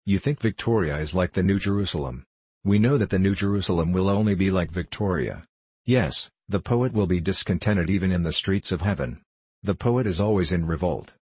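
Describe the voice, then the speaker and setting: A man's voice: deep voice, fairly quick, a little mellow, breathy edge, dry recording. A man voicing a supercilious, sarcastic male anarchist poet in an audiobook reading. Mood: sad.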